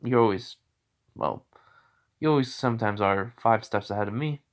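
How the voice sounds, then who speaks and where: A man's voice: lowish voice, moderate pace, lightly acted. A man voicing a laid-back man who talks in an easygoing, teasing way.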